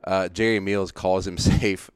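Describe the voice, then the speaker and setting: A man chatting casually on a podcast, telling a baseball story in an animated way with frequent laughs. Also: deep voice, a little slow, clear, resonant tone, no echo, studio quality. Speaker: podcast co-host, baseball fan.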